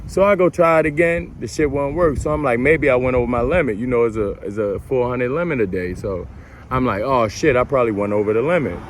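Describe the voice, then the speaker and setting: Casual male storyteller, middle pitch, profane, quick reactions, outdoors with faint traffic hum. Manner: animated, profane, slangy, re-enacts his own lines. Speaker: storyteller vlogger.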